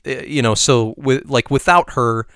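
A man co-hosting a podcast uses a smooth, fairly bright mid-range voice with fairly even intonation at a moderate pace. He's thoughtful, walking through each point in order during casual talk, and the studio audio is clean with no room sound.

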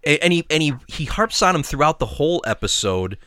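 Bright-voiced man, halting podcast chat. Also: fairly high pitch, big pitch swings, clean tone, no echo, studio quality. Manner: halting, many fillers and restarts. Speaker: podcast co-host. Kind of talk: casual chat.

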